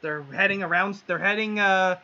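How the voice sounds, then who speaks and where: A high, bright male voice belongs to this streamer, who chats loosely through his game with friends. He gets excitable fast, yelling and swearing at his teammates. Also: lo-fi sound. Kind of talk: casual gameplay chat.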